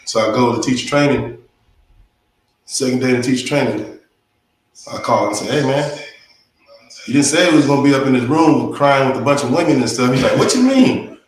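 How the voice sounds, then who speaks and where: A man's voice: mid-range voice, brisk, pauses often. A man telling a casual story about his path to yoga, acting out the lines of his friends. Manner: animated, acts out quotes. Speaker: guest, yoga teacher. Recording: echoey room, faint noise.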